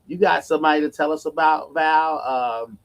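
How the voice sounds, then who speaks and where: A man's voice: on the high side, moderate pace, vocal fry, low-quality recording. A man co-hosting a live talk show, opinionated and playful, teasing his co-host in casual chat. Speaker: co-host, executive producer.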